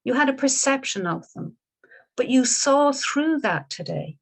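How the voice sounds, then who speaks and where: A woman voicing the Buddha as a calm, kindly male sage who soothes gently and repeats his words. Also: sits high, measured pace, creaky, voice pushed up, heavily acted. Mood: earnest.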